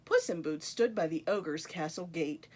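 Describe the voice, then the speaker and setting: A woman's voice: low-pitched, normal speed. A woman reading a picture book aloud to children, with playful asides to her young listeners. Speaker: storytime reader.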